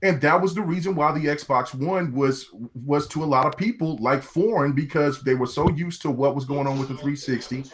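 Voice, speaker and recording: A man chatting on a gaming podcast, animated and repeating words as he makes his point. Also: on the high side, normal speed, few pauses, crowd noise. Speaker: podcast guest. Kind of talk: casual chat.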